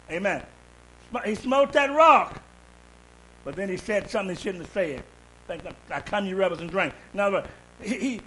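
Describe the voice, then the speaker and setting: A man preaches in a high, bright voice, asking the congregation questions and waiting for their answers. He swings from quiet stretches into loud, fervent shouts. It is call-and-response church preaching. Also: husky, poor audio. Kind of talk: sermon.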